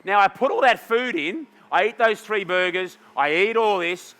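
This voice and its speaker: A man's voice: high voice, moderate pace, bright, forceful tone. A middle-aged man giving a playful live juicing demo, joking with the audience and directing volunteer helpers. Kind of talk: lively stage talk with audience helpers. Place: large hall with an audience. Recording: reverberant hall.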